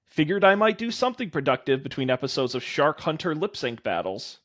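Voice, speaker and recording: A dry, deadpan teenage daughter from a dating game, read aloud by a man. The voice is a little high and moves around a lot. The delivery stays matter-of-fact. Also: a little fast. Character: deadpan teenage girl, dog-loving daughter.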